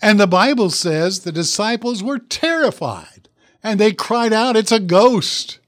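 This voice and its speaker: A pastor preaching a sermon, telling a Bible story dramatically and putting questions to the congregation. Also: male voice, sits high, animated, unhurried, dry recording, clean studio sound.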